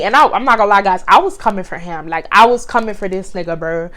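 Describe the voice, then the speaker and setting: A woman, telling a blunt, profane, animated story to her vlog viewers. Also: mid-range voice, quick pace, few pauses. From Texas. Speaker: vlogger.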